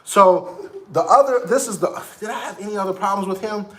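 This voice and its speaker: A man in his thirties telling casual stories, animated, acting out other people's lines. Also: sits high, brisk, roomy sound. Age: 30s. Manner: animated, quoting people in raised voices. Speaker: vlogger. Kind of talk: casual storytelling.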